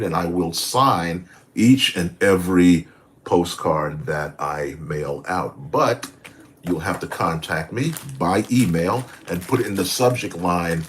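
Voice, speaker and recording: A deep-voiced man in his sixties talks to his livestream from home. He rambles in a friendly, animated way and corrects himself as he goes. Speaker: caricature artist hosting a livestream. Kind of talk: casual live stream chat.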